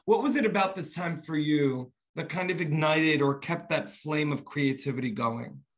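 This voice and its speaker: A man's voice: a little high, normal speed. A man hosting an interview, praising his guest at length and asking long, winding questions. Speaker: interview host.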